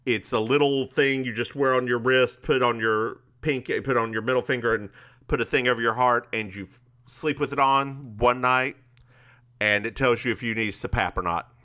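A man's voice: medium pitch, normal speed, bright, forceful tone. A man co-hosting a podcast in casual chat, playful and speaking straight to listeners. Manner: chatty, playful, addresses listeners directly. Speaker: podcast co-host.

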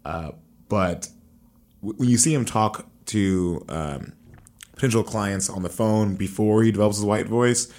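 A man with a fairly low voice co-hosting a casual podcast. He talks through his opinions in a thoughtful, analytical way and sometimes mimics the people he describes. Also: measured pace, darkish tone. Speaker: podcast co-host. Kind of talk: casual chat.

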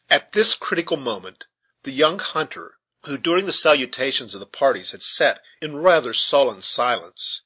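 A man narrating a classic novel, bright and sharp in tone with a slightly husky grain. His reading swings lively up and down. He tells the story expressively. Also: mid-range voice. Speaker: audiobook narrator.

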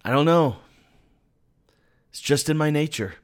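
A man voicing a sly scorpion making smooth promises in a fable. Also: fairly high pitch, lively intonation, a little slow. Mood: indifferent. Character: sly scorpion, falsely reassuring.

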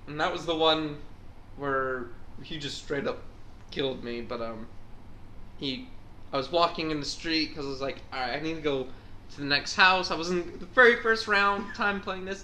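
A man co-hosting a casual podcast chat, an animated storyteller who acts out voices. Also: on the high side, moderate pace. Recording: echoey room, faint hum.

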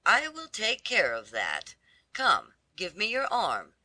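A reader voicing a lame, gossipy old woman who chatters with pity and indignation in a storybook reading; the voice sits higher than the narration. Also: huge pitch swings, slow pace, sharp tone, no room sound, heavily acted. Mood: coaxing. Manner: sympathetic, scolding chatter.

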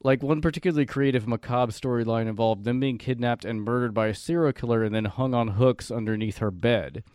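A man hosting a casual podcast, animated and laughing often as he reads out segments. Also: medium pitch, a little fast, clean tone, no room sound, clean studio sound. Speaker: podcast host.

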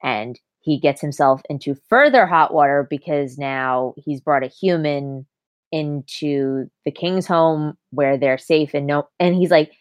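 Low-voiced woman retelling a story. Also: measured pace, no echo. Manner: lively retelling of plot, acting out characters. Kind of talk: casual book discussion.

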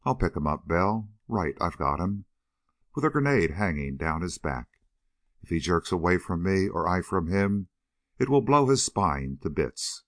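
A man reading aloud plays a cool, unhurried schemer with a dryly ironic manner. The voice is very low and gravelly, with lively turns of pitch. It is recorded close and dry. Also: no room sound, full character voice. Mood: composed. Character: cool, composed male schemer.

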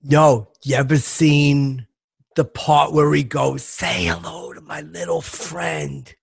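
A man's voice: on the high side, takes it slowly, vocal fry, slightly rough, heavily acted. A man voicing a crude, boastful tough guy in a comedy podcast, cocky and swearing as he talks up his own ideas. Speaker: podcast co-host. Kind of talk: comedic character improv.

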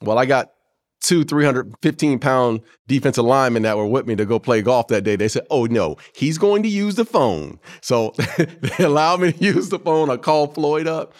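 A man in his fifties, a former pro football player, telling stories from his career in an animated way and acting out what others said. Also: mid-range voice, moderate pace. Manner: animated storyteller who acts out quotes, peppered with "man". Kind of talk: storytelling interview.

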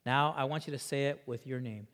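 A man preaching a sermon, swinging between loud emphasis and hushed passages and leading the congregation in repeating lines. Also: mid-range voice, brisk. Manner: leads the congregation in call-and-repeat. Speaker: pastor. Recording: long reverb of a large hall.

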